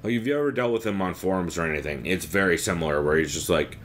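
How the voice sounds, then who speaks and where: A man's voice: sits low, fast, a little hiss or hum. A young man hosting a podcast, recapping another show in a rambling, profane, exasperated way. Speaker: podcast host.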